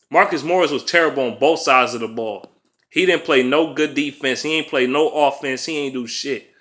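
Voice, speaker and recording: Heated, cursing male sports fan. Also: bright, forceful tone. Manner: profane, heated, repeats himself, laughs in disbelief; pitch jumps up sharply when worked up. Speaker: basketball fan vlogger. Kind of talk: angry game recap rant.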